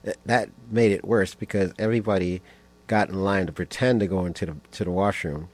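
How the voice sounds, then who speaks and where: Deep-voiced man telling lively stories. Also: brisk, soft background music. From United States. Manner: animated storyteller who acts out voices and laughs often. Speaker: guest musician. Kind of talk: storytelling in a radio interview.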